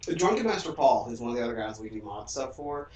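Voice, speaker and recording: A chatty man from Central Virginia who tells stories and jokes while he streams a game with friends. His voice sits in a middle pitch. He is heard from a distance in an echoing room with a faint hum behind. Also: expressive, fast, darkish tone. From Central Virginia, USA. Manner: chatty, storytelling, joking. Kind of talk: casual chat during a game stream.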